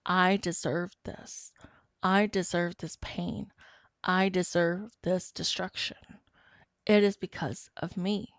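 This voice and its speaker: A woman voicing a frightened teenage girl blaming herself in a slow, hushed inner voice. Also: lowish voice, flat delivery, dry recording, studio quality. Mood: despairing.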